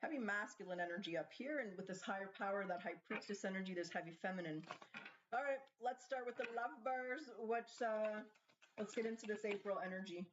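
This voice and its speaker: A woman's voice: medium pitch, brisk, background noise. A woman doing a casual tarot card reading, chatting and thinking aloud as she asks the cards questions. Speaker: tarot reader. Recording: slightly dull lo-fi sound.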